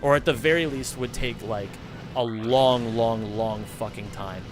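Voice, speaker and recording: A man's voice: medium pitch, measured pace. A young American man streaming, chatting casually and rambling with lots of fillers and swearing. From United States. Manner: rambling, swears freely, heavy use of filler "like". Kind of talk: casual chat during a game livestream. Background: background music.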